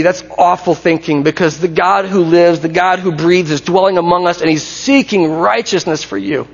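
A man with a high, gravelly and husky voice delivers a sermon in a lively, chatty way. The sound is dull and muffled, with a long hall reverb trailing after each phrase. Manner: animated, conversational, acts out crowd shouts. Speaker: pastor.

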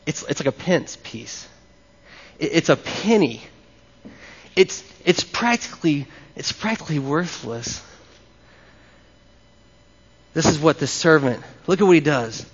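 A high-pitched male pastor delivers an animated sermon, often breaking off to chat with the congregation. His voice rings with long reverb through a church hall, and the sound is a bit dull and lo-fi. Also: measured pace, slightly rough. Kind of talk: live sermon.

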